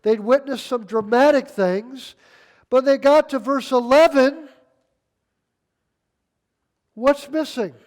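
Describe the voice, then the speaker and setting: Older man in his 60s, pastor, high-pitched voice, emphatic folksy sermon delivery. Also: takes it slowly, long pauses, darkish tone. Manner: emphatic, folksy, reads scripture aloud.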